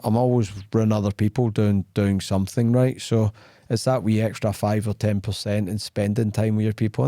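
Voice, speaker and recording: A man's voice: medium pitch, dry recording, studio quality. A man hosting a podcast in casual chat, telling stories bluntly and acting out the dialogue. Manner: animated storytelling, acting out quoted dialogue; blunt, plain-spoken. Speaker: podcast host.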